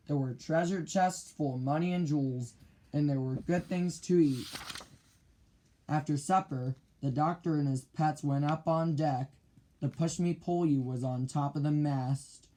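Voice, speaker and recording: A man reading a children's picture book aloud in a slow, clear storytelling manner. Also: on the high side, mellow.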